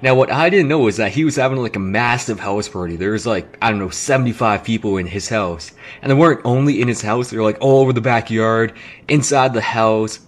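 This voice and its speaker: A young man, telling a story in casual gaming commentary, animated and swearing freely. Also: lowish voice, brisk. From Canada.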